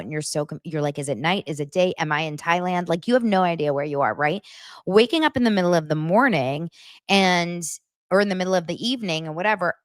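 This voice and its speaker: A woman's voice: on the low side, no room sound. A chatty woman recapping reality TV, her voice swinging up and down as she gives her opinions. The sound is close and dry, with no room around it. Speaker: entertainment podcast host.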